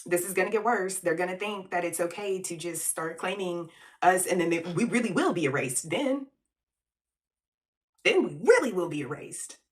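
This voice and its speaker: A woman's voice: fairly low pitch, normal speed, recorded from a distance. Woman ranting on her vlog, blunt and slangy, laughs a lot, mic sits a bit back from her. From United States. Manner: blunt and animated, laughs often, slangy asides. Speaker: vlogger. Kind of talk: casual opinion commentary.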